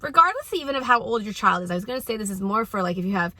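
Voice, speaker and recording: A woman's voice: medium pitch, animated, very fast, bright, forceful tone, no room sound. A middle-aged woman hosting a parenting show, giving casual advice in an earnest, emphatic way and repeating her key points. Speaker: parenting coach and show host. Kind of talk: casual advice talk to camera. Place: at a youth sports practice.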